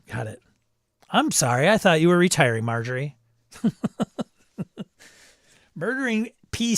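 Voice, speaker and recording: A livestream host chats casually, reading viewer comments aloud and laughing often. His voice is medium-pitched and fairly bright, recorded in a clean studio with no room sound.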